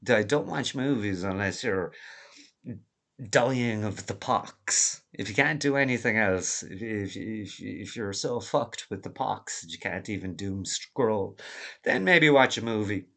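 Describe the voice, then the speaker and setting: A man's voice: fairly low pitch, animated, unhurried, vocal fry, fairly bright tone. A man delivering a rambling, profane monologue, laughing often as he digresses. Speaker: vlogger.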